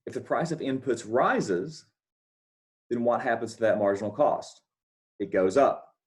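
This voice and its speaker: This recorded economics lecture features a man with a medium-pitched voice and lively intonation, speaking a little slowly. Instead of using a board, he talks over scribbled notes, explaining one step at a time and going back over key points with questions to check understanding.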